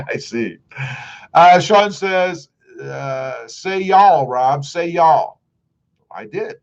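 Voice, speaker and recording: A man's voice: fairly high pitch, expressive, extremely slow, creaky, muffled recording. A middle-aged man with a Southern US accent, chatting casually on a livestream and reading viewer comments aloud. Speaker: livestream host.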